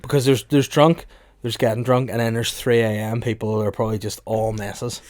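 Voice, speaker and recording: Joking podcast host, dry. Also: male voice, lowish voice, flat delivery, a little fast, a little mellow, no echo. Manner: joking, teasing banter. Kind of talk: casual comedic chat.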